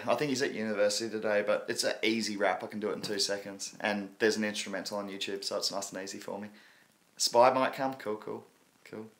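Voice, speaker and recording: A man's voice: fairly low pitch, a bit bright. Laid-back Australian man live-streaming. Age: 30s. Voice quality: laid-back, slangy, frequent laughs. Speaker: crypto livestream host. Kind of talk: casual live-stream chat.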